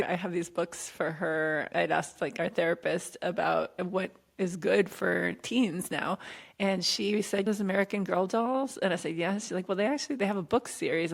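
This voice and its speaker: A woman hosts a podcast in a relaxed, conversational way. Her voice carries a noticeable creaky, gravelly texture, and she tells stories with lively energy and frequent laughter. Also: lowish voice. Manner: animated storyteller, laughs often. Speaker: podcast host. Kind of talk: casual chat.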